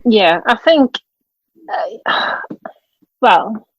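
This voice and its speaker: This woman speaks extremely slowly in a fairly high, sing-song voice while telling a personal story as a podcast guest, acting out the quoted speech. Originally from Germany, she's an author and widowed mother chatting casually from home in Scotland, in a rough recording without room sound.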